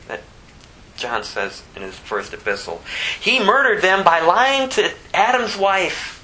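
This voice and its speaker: A man preaching a sermon, moving between impassioned rising emphasis and hushed, slower scripture reading. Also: on the high side, slight background noise, low-quality recording. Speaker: pastor.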